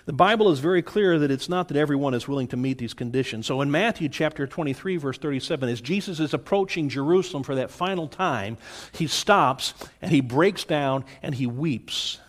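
A man's voice: a little high, expressive, brisk. A man teaching a Bible study lecture in an earnest way, often checking in with his listeners. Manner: earnest, checks in with "all right?".

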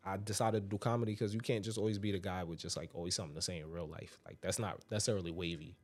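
A man's voice: low-pitched, fairly even intonation, rapid-fire. Laid-back slangy man from New York. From Brooklyn, New York. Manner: laid-back slangy talk, laughs often. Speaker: guest comedian and rapper. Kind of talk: casual podcast chat.

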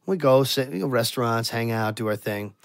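A man's voice: mid-range voice, expressive, a little fast, gravelly, no room sound, studio quality. A man telling a crude story in casual podcast chat, swearing a lot and laughing as he goes.

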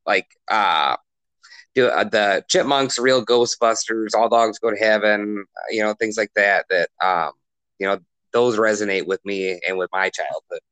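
Guy in his 40s hosting a podcast, smooth voice, dry, keeps restarting his sentences. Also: fairly low pitch, fairly bright tone, dry recording, rough recording. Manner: halting, stumbling restarts. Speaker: podcast co-host. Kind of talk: casual interview chat.

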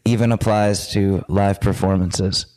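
A young man co-hosting a casual podcast chat, joking and playing along with quick bits. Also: on the low side, fairly even intonation, a little mellow. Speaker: podcast co-host.

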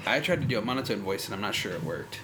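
A man's voice: lowish voice, lively intonation, noisy background. Joking man hosting a film podcast. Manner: joking, halting with restarts. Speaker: podcast host. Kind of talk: casual chat.

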